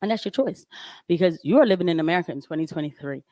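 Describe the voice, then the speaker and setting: A woman's voice: lowish voice, expressive, rapid-fire, a little mellow, no echo, clean studio sound. A woman doing casual, emphatic livestream commentary on a home microphone, talking animatedly and laughing often. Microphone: home microphone with audio trouble.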